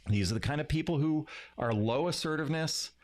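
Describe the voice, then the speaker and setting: A man teaching communication skills in a live-streamed lesson, who varies his pauses, loudness and emphasis for effect. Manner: animated, plays with pauses, pitch and emphasis. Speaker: leadership and communication coach. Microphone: streaming setup.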